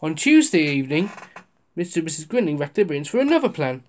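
Children's story narrator, expressive, lively pitch, chatty asides. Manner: expressive, slows for suspense, asides to listener. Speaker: reader. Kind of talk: reading a children's picture book aloud.

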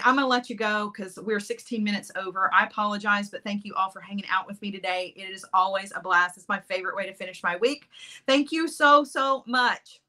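A woman's voice: medium pitch, a little fast, sharp tone. A middle-aged woman hosting a jewelry-making livestream, chatting casually, reading viewer comments and laughing often.

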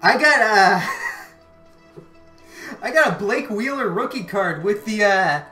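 A woman from Canada, hosting her channel and excitedly commentating a card pack opening, often repeating her exclamations. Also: mid-range voice, slow pace. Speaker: channel host. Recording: roomy echo, faint music behind.

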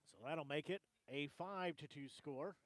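A man calling softball play-by-play for a sports broadcast in a brisk, conversational manner. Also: fairly high pitch, no echo, rough recording. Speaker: play-by-play announcer.

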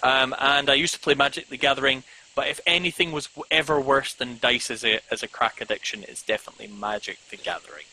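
A man's voice: mid-range voice, fast, sharp tone, poor audio. A man chatting casually as a guest, rambling with lots of "um"s and self-mocking jokes. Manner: rambling, frequent ums, self-mocking humor. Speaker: podcast guest. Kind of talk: casual video-call chat.

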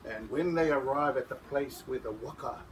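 A man telling a story to schoolchildren, dramatic, shifting from whispers to loud calls. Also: medium pitch, normal speed. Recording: distant mic with background noise.

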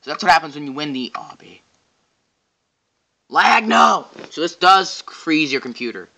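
A man giving goofy, excitable, rambling commentary while playing a game and joking to himself. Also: a little high, brisk. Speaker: game reviewer. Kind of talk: casual gameplay commentary.

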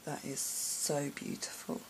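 A woman in a home vlog, talking slowly in a low, gravelly voice as she gushes over gifts in breathy exclamations and soft whispers. Steady background hiss runs under the noisy recording. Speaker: vlogger unboxing gifts. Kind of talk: casual show-and-tell unboxing.

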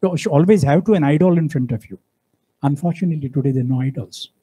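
A man delivers a university lecture. His voice is mellow and husky, and he presses his points hard, stopping often to ask the audience rhetorical questions. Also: on the high side, quick pace, poor audio. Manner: emphatic, preachy, fond of rhetorical questions. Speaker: guest speaker.

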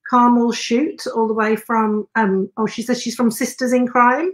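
A woman's voice: on the high side, level tone, measured pace. Woman host of a live chat on a video call, reads out viewer names and questions.

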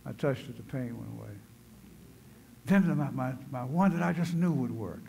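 A man's voice: medium pitch, expressive, normal speed, vocal fry, dark tone, slight background noise, rough recording. A man preaching a sermon in a church. He tells his story conversationally and builds to fervent, emphatic preaching. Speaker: pastor. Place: church sanctuary.

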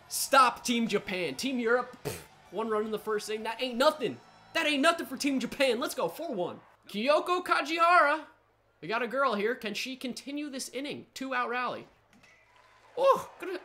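A woman giving excitable live commentary over a baseball video game, talking to the players on screen. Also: mid-range voice. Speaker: gaming channel host.

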